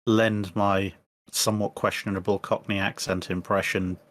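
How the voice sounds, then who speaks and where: Casting: man with a lowish voice, podcast guest, halting delivery, wry. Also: level tone. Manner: hesitant, self-deprecating humor. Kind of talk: casual chat.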